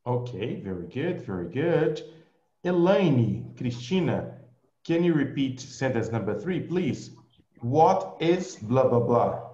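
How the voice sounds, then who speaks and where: Slow patient man with a Brazilian accent. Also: mid-range voice, big pitch swings, mellow, reverberant, lo-fi sound. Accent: Brazilian Portuguese. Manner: slow, patient, repeats praise. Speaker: English teacher. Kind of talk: online group class.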